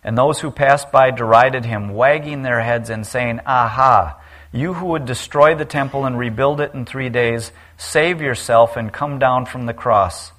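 A man preaching a sermon and reading scripture aloud. He gets loud at the cries and drops low and quiet on the key lines. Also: measured pace.

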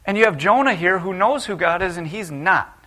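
A middle-aged man preaching a sermon. He retells Bible stories and voices the people in them, at times rising to loud exclaims. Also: sits high, animated, fairly quick.

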